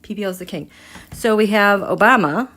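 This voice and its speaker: A woman hosting a live tarot reading who talks straight to her viewers and swings between hushed asides and excited outbursts. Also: medium pitch, fairly quick. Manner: chatty, addresses viewers directly. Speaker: tarot reader and livestream host.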